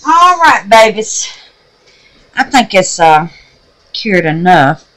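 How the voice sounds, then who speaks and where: A woman chatting casually to her viewers while she crafts, folksy and excitable, calling them babies and darlings. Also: mid-range voice, slow, poor audio. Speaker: resin craft vlogger.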